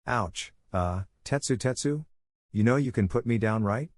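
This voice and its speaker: A man's voice: mid-range voice, measured pace, dry recording, studio quality, close to an everyday voice. A man voicing a flustered teenage girl, speaking in a strained, choked way. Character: flustered teen girl fighter.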